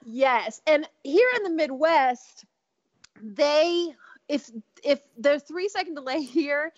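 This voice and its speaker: A woman co-hosting a podcast, telling a gossipy story in animated casual chat and laughing often. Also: high-pitched, slow pace, no room sound, muffled recording. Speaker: podcast co-host.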